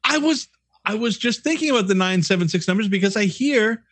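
A man's voice: high voice, animated, brisk, a bit bright, no room sound. A man co-hosting a casual podcast, profane, stammering through restarts. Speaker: co-host.

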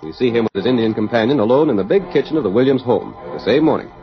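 Male narrator, old radio drama, quick, lively, music behind, dull sound. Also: mid-range voice.

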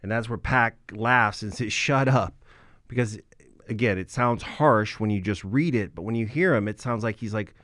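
A man's voice: fairly low pitch, moderate pace, fairly bright tone, dry recording, studio quality. A man co-hosting a podcast, casually walking through a recorded call step by step. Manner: analytical, explains the call step by step. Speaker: podcast co-host. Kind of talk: casual true crime discussion.

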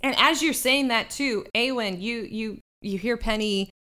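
A woman's voice: on the high side, unhurried, pushed and bright. A woman narrating a tabletop game as game master, describing scenes unhurriedly with fillers.

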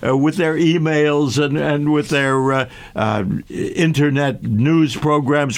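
An older man hosting a radio travel show, talking at length with frequent restarts and fillers. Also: mid-range voice. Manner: halting, many restarts and fillers. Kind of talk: radio talk show discussion.

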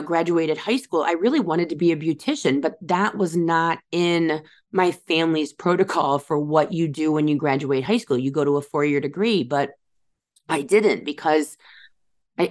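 A woman's voice: deep voice, a little mellow. A woman hosting a series, talking candidly and casually about boundaries and healing in a reflective monologue. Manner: candid, conversational, swears casually. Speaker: podcast host. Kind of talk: reflective self-help monologue.

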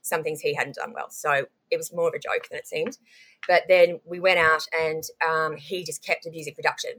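Aussie woman, young, talks super fast, lots of ums and restarts, pretty animated. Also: deep voice. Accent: Australian. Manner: animated, rapid recounting with frequent ums and restarts. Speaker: guest. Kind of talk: candid storytelling in conversation.

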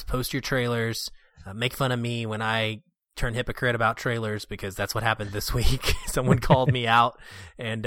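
A man's voice: mid-range voice, sharp tone, dry recording, studio quality. A man hosting a casual film podcast, upbeat and eager as he plugs the show. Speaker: podcast host.

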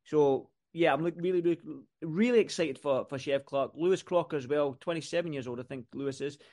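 A man's voice: on the high side, fairly quick, a little mellow. A man co-hosting a podcast, chatting about boxing with enthusiasm and lots of repeated words. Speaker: podcast co-host. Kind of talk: casual boxing chat.

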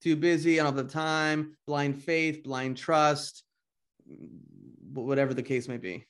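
Male podcast co-host, slightly high voice, casual and blunt, curses easily. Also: measured pace, fairly bright tone. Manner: casual, blunt, swears freely. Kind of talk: podcast interview.

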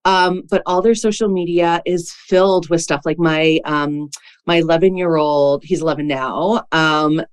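A woman's voice: low-pitched, steady tone, normal speed, smooth. A woman hosting a podcast interview, telling a story in a chatty way full of "like" fillers. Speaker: podcast host. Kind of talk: casual conversational interview.

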